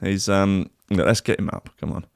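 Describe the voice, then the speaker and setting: A man's voice: low-pitched, fairly even intonation, moderate pace, gravelly, dry recording. Brief: male comic host, mocking and sweary, dry close-up sound. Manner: sweary, mocking, laughs often. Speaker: comedy host. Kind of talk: comedic news commentary.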